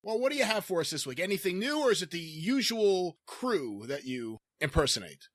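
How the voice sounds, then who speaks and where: A man hosting a comedy podcast, asking playful deadpan questions. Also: high-pitched, a little fast, no echo, clean studio sound. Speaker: podcast host.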